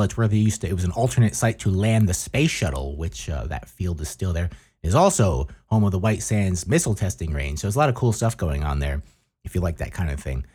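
A man's voice: deep voice, darkish tone, slightly rough. A man hosting a podcast, reading news in casual chat with wry, offhand asides. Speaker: podcast host.

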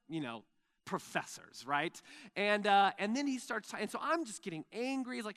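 A pastor delivers a sermon with a high, bright voice. He tells stories in a loose, animated way, full of fillers, and acts out what people said. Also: moderate pace. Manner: animated storytelling with fillers and acted-out quotes.

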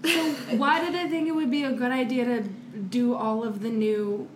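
A woman's voice: fairly high pitch, steady tone, normal speed. A woman co-hosting a podcast in casual chat, playful and full of questions. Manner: curious, asks lots of questions, playful. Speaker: podcast co-host. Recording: echoey room with faint noise.

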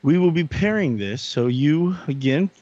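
A man's voice: fairly high pitch, expressive, normal speed, mellow, no echo, lo-fi sound. A man co-hosting a casual chat show, talking earnestly and rambling with many fillers. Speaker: podcast co-host.

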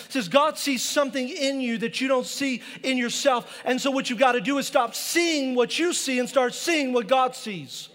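A man's voice: very high-pitched, moderate pace, few pauses, fairly bright tone, in a large hall. A male pastor preaching a passionate sermon in a church, mixing personal stories with scripture.

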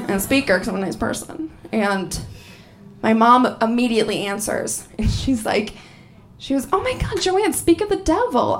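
A young woman performing stand-up comedy, telling stories in an animated way, often laughing and jumping up into high squeals.

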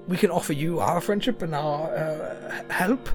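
A woman's voice: deep voice, normal speed, over music, lightly acted. A woman voicing a polite, fussy female chancellor of a fantasy nation in a put-on French accent, courteous and hesitant. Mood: pleading. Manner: courteous, gushing, hesitant with many ums.

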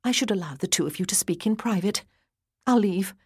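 Soft-spoken polite young lady, slightly husky, dry sound, read by a woman. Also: mid-range voice, expressive, brisk, dry recording. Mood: earnest. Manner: polite, apologetic. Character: gentle young lady, delicate, earnest friend.

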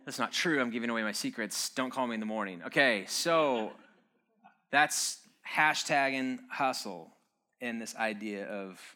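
A man's voice: fairly low pitch, pushed and bright. A man giving a casual, joking sermon-style talk, conversational and wry, with frequent "um"s and "uh"s.

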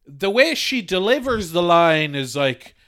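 A crude, excitable man trades banter on a casual podcast. His voice sits high and bright, and his pitch jumps about freely. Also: measured pace. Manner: crude, excitable, laughs often. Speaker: podcast co-host.

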